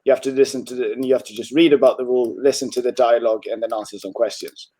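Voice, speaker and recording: A man tutoring a student in Chinese over a call, encouraging and relaxed, with frequent fillers and throat clearing. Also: medium pitch, rapid-fire. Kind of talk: online tutoring session.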